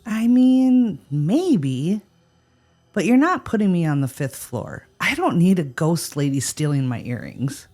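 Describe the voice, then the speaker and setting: A woman with a slightly low voice that swoops and jumps with animated energy co-hosts a scripted ghost-story podcast. She answers the spooky tales with wry, sarcastic quips. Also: a little slow. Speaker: podcast co-host. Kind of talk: scripted paranormal podcast chat.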